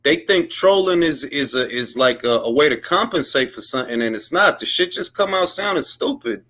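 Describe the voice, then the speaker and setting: A man's voice: fairly high pitch, lively intonation, normal speed, bright, forceful tone. A man giving blunt, heated boxing commentary on his own, in slangy casual speech, mocking others in put-on quotes. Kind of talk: opinionated solo commentary.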